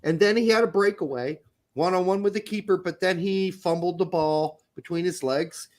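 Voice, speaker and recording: A man's voice: sits high, moderate pace, a little mellow. A man co-hosting a casual sports podcast, joking around with his partner and breaking into silly voices. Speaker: podcast co-host. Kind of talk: casual banter.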